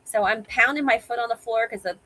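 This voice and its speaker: Bright-voiced woman in her fifties. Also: a little high, a little fast, poor audio. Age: 50s. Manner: animated storyteller, acts out quoted voices. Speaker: guest. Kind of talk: casual interview storytelling.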